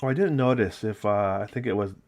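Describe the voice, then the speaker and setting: A man's voice: fairly low pitch, quick pace, darkish tone. A middle-aged man from upstate New York hosting a hobby painting video. He talks in a rambling, chatty way as he explains his work. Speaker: miniature painting host. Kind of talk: casual chat while painting.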